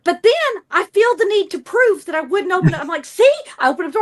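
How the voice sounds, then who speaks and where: Lively high-pitched Southern woman. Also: quick pace, hardly any pauses. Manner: animated, loud storyteller, playful put-on voices. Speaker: podcast guest, paranormal investigator. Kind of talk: casual chat.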